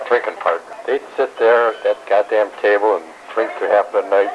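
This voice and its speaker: Older grandfather, deep voice, blunt rambling storyteller, dull lo-fi home tape with faint hiss. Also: fairly even intonation, a little fast, hardly any pauses. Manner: rambling, blunt, salty language. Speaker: grandfather telling his life story. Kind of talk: casual family storytelling.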